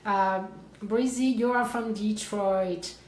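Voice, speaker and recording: A woman's voice: mid-range voice, fairly even intonation, slow, darkish tone, roomy sound, a little hiss or hum, low-quality recording. A woman from France with a French accent, hosting a life coaching livestream in casual chat and greeting viewers by name with effusive enthusiasm. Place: her office.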